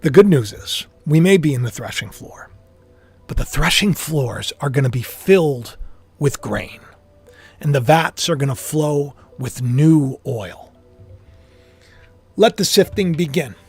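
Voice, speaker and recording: A man preaching to his online audience with impassioned spiritual commentary, repeating phrases emphatically and swinging from loud outbursts to hushed asides. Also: fairly high pitch, expressive, unhurried, long pauses, breathy edge, soft background music.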